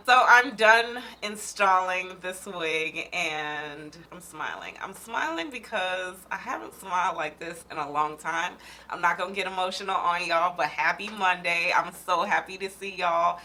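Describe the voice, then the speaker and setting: A woman's voice: mid-range voice, animated, moderate pace, bright, forceful tone. A young woman, chatting casually to viewers while reviewing a wig at home, laughing at her own jokes. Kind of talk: casual beauty vlog.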